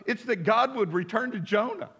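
A man's voice: high-pitched, lively intonation, normal speed, a bit bright, breathy edge. A man preaching a sermon as pastor, emphatic, with call-and-response to his congregation and casual asides. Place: church.

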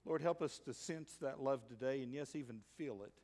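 A man preaching a sermon as pastor in a church, telling a story with animated delivery and sudden shouted emphases. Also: mid-range voice, fairly quick. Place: church sanctuary.

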